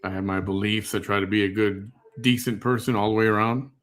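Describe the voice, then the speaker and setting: A man's voice: fairly low pitch, steady tone, a little fast, fairly bright tone. A man hosting, commenting on a replayed clip in a wry, critical, laid-back way. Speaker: commentary host. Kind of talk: casual commentary.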